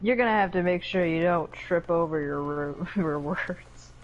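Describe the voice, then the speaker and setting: A woman's voice: lowish voice, moderate pace, dull audio. A woman chatting and joking casually while playing a video game with a friend. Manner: giggly, jokey banter. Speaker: let's play co-host. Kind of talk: casual gameplay chat.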